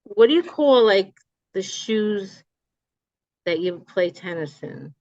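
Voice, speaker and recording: Over a video call, a North Jersey-accented woman from New Jersey talks slowly in a mid-range voice as a guest in a casual interview. A memoir author, she tells stories in a chatty, animated way, and the muffled recording has no room sound.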